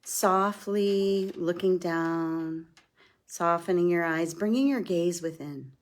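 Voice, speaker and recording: A middle-aged woman leading a guided breathing and laughter exercise in a slow, soothing way as a wellness instructor. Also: fairly low pitch. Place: indoors, moving around in front of a camera.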